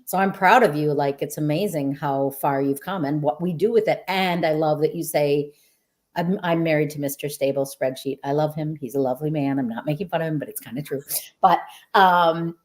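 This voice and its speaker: Low-voiced affirming woman podcast host. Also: a little fast. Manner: earnest, affirming, reflective. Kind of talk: casual podcast conversation.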